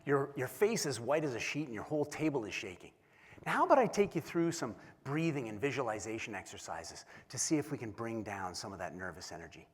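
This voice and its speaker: A man voicing a calm, easygoing veteran male comedian who reassures a nervous newcomer. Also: mid-range voice, brisk, breathy edge. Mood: reassuring. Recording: long hall reverb.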